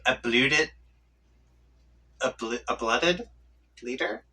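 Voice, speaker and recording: A woman's voice: a bass voice, expressive, slow pace, sharp tone, breathy edge, far from the mic, heavily acted. A man reading a comic aloud, voicing a haughty, scheming young female troll who talks with smug taunts. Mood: taunting.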